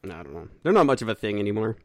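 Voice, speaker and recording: Lively joking man on a podcast. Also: lowish voice, racing, dry recording, clean studio sound. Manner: joking, riffs with put-on voices, swears. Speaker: podcast co-host. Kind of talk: casual chat.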